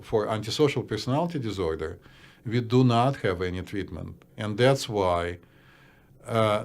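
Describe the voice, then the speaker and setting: A man with a Russian accent, a psychiatrist co-hosting a casual podcast chat, blunt and opinionated, often pausing on "uh". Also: on the low side. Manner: blunt, opinionated, hesitant with uh fillers. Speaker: psychiatrist co-host.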